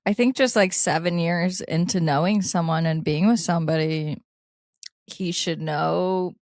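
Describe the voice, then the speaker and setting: A woman co-hosting a casual advice podcast, talking in an animated way with frequent laughs and reading listener letters aloud. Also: on the low side, measured pace, no echo, studio quality. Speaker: podcast co-host.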